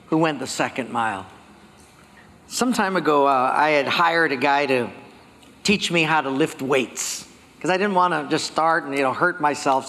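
A male pastor preaching a sermon, telling stories with lively acted-out dialogue. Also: a little high. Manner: animated storytelling, acting out dialogue. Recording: long hall reverb.

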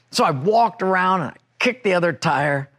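A middle-aged man preaching a sermon, telling a personal story and acting out an argument in a raised, animated voice. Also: high-pitched, normal speed. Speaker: pastor.

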